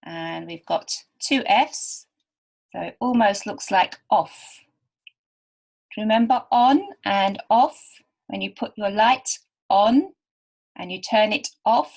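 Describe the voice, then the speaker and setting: A woman teaching beginners to read, talking very slowly and patiently. She sounds out each word carefully and repeats it so learners can follow. Her voice sits at an ordinary middle pitch. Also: vocal fry, a little mellow. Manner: patient, stretches and repeats words. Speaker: literacy teacher.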